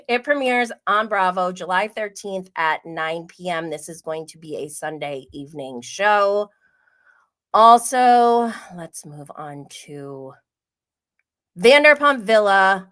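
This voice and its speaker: A woman with a bright, clear voice hosts a relaxed pop culture livestream. She talks in a loose, chatty way, peppering her sentences with "like" and laughing often. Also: medium pitch, takes it slowly. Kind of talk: casual gossip chat.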